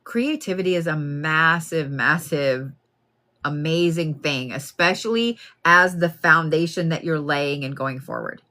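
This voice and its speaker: A woman gives a live card reading. She talks plainly and casually, with animated asides, addressing the listener directly. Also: sits low, a little slow. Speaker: card reader.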